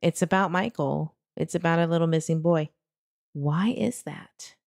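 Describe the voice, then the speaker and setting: A woman's voice: deep voice, normal speed, creaky, darkish tone, dry recording, clean studio sound. A woman hosting a true crime channel, talking casually and with frustration to her viewers while she searches online. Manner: frustrated, talks to viewers, laughs between remarks.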